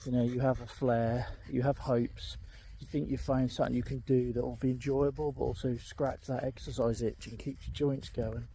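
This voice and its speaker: A middle-aged man in pain talks candidly while walking his dog along a country lane. His voice is mellow and his speech rambles, full of ums. An earbud mic picks him up, with faint outdoor ambience behind. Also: medium pitch, flat delivery, normal speed, few pauses, a little hiss or hum. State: in pain, limping. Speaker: vlogger. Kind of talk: casual walking vlog.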